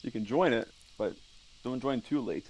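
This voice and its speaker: A soft-spoken man chiming in quietly on a trading stream. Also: medium pitch, normal speed, a little hiss or hum, rough recording. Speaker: guest on the stream.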